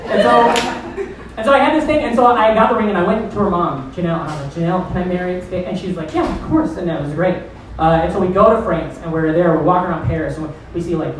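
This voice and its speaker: A man hosting a stand-up show, rambling through a story with loose, profane asides. He sounds far from the mic, and his voice rings around a very echoey club room with faint noise underneath. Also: a little high. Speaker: comedy show host. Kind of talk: stand-up comedy. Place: comedy club stage. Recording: roomy, distant club recording.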